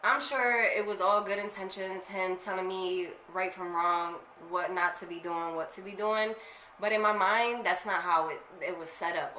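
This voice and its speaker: A woman's voice: fairly low pitch, bright, forceful tone. A young woman vlogger telling a personal story to her viewers in a candid, slangy way, swearing freely. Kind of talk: casual storytelling to camera. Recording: echoey room with faint noise.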